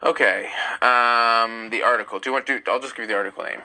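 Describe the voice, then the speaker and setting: A young American man hosts a casual live stream, animatedly reading viewer comments aloud and answering them, sometimes argumentatively. He talks at a quick pace in a mid-range voice, and the recording is rough.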